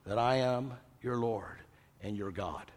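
An older man preaching a sermon, lively, asking rhetorical questions and quoting scripture. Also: mid-range voice, slow pace. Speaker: pastor. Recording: long hall reverb.

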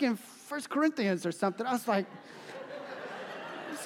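Animated high-voiced preacher. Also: male voice, normal speed, long pauses. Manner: animated storyteller, emphatic. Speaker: pastor. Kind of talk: sermon. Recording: long hall reverb.

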